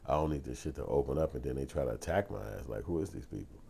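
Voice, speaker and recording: A man's voice: extremely low pitch, expressive, rapid-fire, vocal fry, dark tone, a little hiss or hum. A man telling a personal story on his vlog, casual and profane, acting out heated arguments in other voices. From Chicago. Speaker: vlogger and filmmaker.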